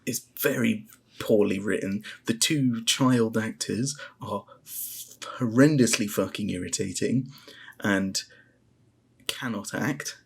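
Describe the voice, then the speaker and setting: A man's voice: on the low side, takes it slowly, vocal fry, breathy edge. A man, bluntly ranting and swearing as he reviews a show in casual chat. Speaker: podcast co-host reviewing a show.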